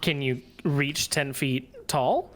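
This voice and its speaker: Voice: medium pitch, huge pitch swings, slow, fairly bright tone, soft background music. A game master narrating a tabletop fantasy game with plenty of swearing and laughter. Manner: profane, laughs while narrating.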